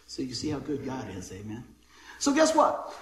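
A man's voice: mid-range voice, wildly swooping pitch, normal speed, a bit bright, roomy sound, a little hiss or hum, rough recording. A man preaching a casual sermon to his congregation, folksy, often checking in with "amen?" and "right?". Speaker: pastor. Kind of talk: conversational sermon. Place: church hall with a congregation.

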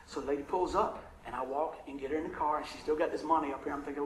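A man with a high voice tells a story from the pulpit, folksy and heartfelt, asking the crowd for an amen now and then. His voice rings out in a roomy, echoing hall. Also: steady tone, very fast. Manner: emotional, conversational, Southern-tinged storytelling with asides to the congregation. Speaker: preacher. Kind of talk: storytelling sermon.

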